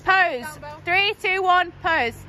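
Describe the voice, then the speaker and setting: A woman's voice: extremely high pitch, animated, slow pace. A young woman student filming her friends, playfully directing them and joking in casual chat outdoors. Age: young adult. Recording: crowd noise outdoors.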